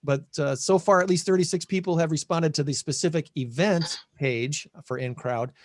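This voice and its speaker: A man's voice: fairly high pitch, normal speed, no echo, clean studio sound. A man with a Midwestern American accent hosting a casual podcast over a video call, rambling and correcting himself as he talks. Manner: rambling, self-correcting, chatty. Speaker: podcast host. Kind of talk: casual chat.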